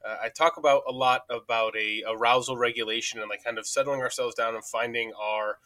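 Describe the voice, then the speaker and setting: A man co-hosting a podcast, easygoing and quick to joke at his own expense. His voice is bright and forward. The studio mic catches it close and dry, with no room around it. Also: mid-range voice, fairly even intonation, no echo. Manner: chatty, jokey, self-deprecating. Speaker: podcast co-host. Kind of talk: casual chat. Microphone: studio microphone.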